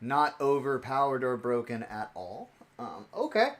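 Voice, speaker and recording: A man's voice: mid-range voice, big pitch swings, unhurried. A young man chatting casually on a stream while opening trading cards, rambling and playful and laughing often.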